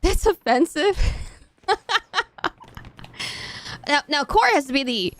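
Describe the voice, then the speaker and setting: A woman's voice: sits high, sing-song, slow, a bit bright, no room sound, full character voice. A woman streaming a game and putting on an exaggerated Southern country-girl accent, drawling and folksy. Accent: put-on American Southern. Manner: drawling, folksy, self-mocking. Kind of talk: casual gaming stream chat.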